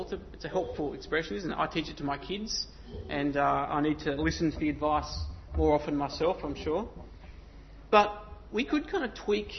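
A man preaching a sermon in church, talking in a conversational way with self-deprecating asides. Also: a little high. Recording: slightly dull sound with faint noise.

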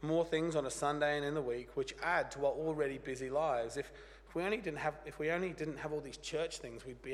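A pastor with a croaky voice from a cold, preaching an earnest, plain-spoken sermon with light humor. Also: male voice, fairly high pitch. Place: church. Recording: church hall reverb.

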